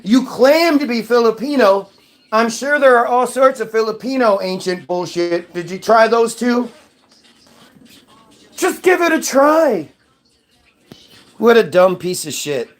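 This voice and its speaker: A man's voice: extremely high pitch, animated, measured pace. Man, streamer, rambling, mocking, swears a lot. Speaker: streamer answering chat. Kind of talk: casual ranting monologue.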